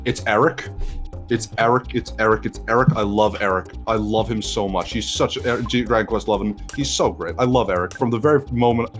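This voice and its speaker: A man's voice: on the low side, brisk, faint music behind. A man in casual gameplay chat, rambling and enthusiastic, swearing now and then. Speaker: co-host.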